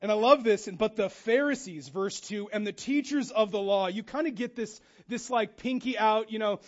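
A male pastor preaching with a very high voice and lively, casual energy. He jumps between conversational asides and acted-out quotes, swinging his tone up and down. The recording sounds dull and lo-fi. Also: moderate pace. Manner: animated, acts out quotes with shifting voice. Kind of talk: sermon.

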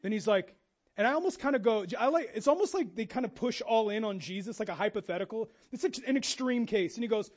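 Pastor, man, high voice, conversational sermon, dull recording; hushed to urgent. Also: animated, fast. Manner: conversational, acts out quoted voices, swings from hushed to loud and urgent.

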